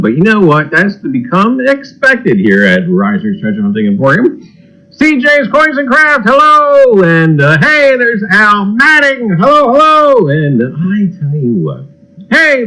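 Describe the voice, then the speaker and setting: A man with a mid-range voice hosts a casual livestream chat, captured in a rough recording. He's folksy and jokey, greeting viewers by name and repeating his catchphrases.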